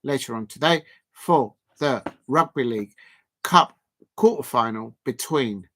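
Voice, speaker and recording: A man's voice: medium pitch, a little slow, pushed and bright. A man chats casually on a livestream as its host. He teases, laughs often and repeats his lines for effect. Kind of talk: casual live-stream chat.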